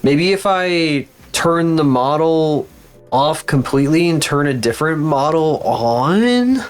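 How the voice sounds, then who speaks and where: A man's voice: a little high, lively intonation, slow, clean tone. A man streaming live as a VTuber, rambling and cursing in frustration while still recovering from being sick. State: recovering from illness. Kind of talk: casual live-stream chat.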